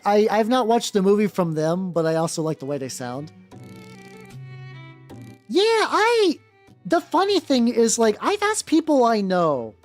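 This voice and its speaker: A woman's voice: mid-range voice, darkish tone. A young adult woman streaming as a VTuber, chatting casually while she paints miniatures, rambling with lots of "like" and free swearing. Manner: rambling, swears freely, heavy on fillers like "like". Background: faint background music.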